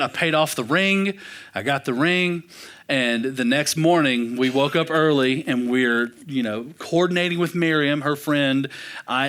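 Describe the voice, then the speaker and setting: A young man, preaching in a church and telling his own story in an animated, self-deprecating way. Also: mid-range voice. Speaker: pastor. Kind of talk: storytelling sermon. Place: church sanctuary.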